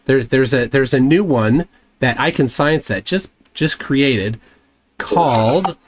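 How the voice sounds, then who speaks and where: A man's voice: medium pitch, lively intonation, slow. A man hosting a live show, arguing bluntly and sarcastically in a heated debate, often talking over the other person.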